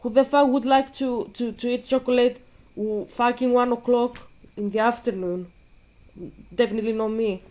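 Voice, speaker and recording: A woman's voice: a little high, fairly even intonation, normal speed, a little mellow, highs cut off. A woman vlogger ranting in casual commentary while gaming, blunt and profane, a bit out of breath.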